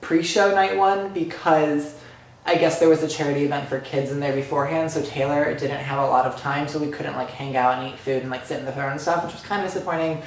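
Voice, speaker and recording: Excitable storytelling man, echoey room. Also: fairly high pitch, fast talker. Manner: animated and dramatic, lots of "like" and "literally". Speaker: vlogger.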